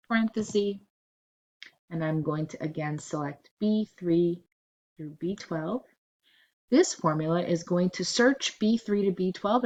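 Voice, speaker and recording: This software tutorial features a woman with a lowish voice walking through a spreadsheet on screen. Her instructions come steadily, step by step, with cell ranges repeated along the way.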